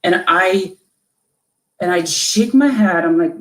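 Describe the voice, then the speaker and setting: A woman from Lithuania, a coach, telling a personal story in an interview with an emotional, halting delivery full of restarts. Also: fairly low pitch, reverberant. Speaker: guest, coach.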